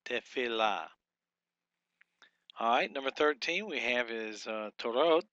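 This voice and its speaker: With lively intonation and a bright, forward voice at a middle pitch, a male Hebrew teacher talks himself through a workbook lesson step by step, slowly sounding out each syllable. It's recorded close and dry, with no room sound, and the highs are cut off.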